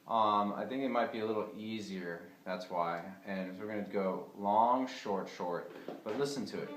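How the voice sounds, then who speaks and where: A man giving a casual fiddle lesson, talking in a relaxed, chatty way with lots of fillers. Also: on the low side, normal speed, over music. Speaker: fiddle teacher. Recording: echoey room with fiddle playing.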